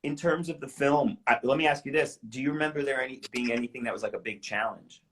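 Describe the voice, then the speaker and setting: A young adult man, an actor and dialect coach, chatting in a relaxed, playful way on a live video stream. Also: mid-range voice, fast talker. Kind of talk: casual live-stream chat. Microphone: phone on a live video stream.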